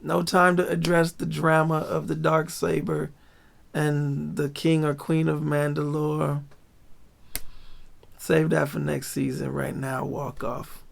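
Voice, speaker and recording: A man hosting a casual, animated episode breakdown, full of slang and laughter. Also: a little high, slow, gravelly. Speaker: show recap host.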